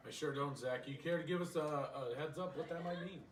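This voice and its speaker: A man's voice: on the high side, a little fast. A man appearing as a podcast guest in casual drinking-game chat, trading rowdy, profane banter. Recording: echoey room, distant mic, music behind.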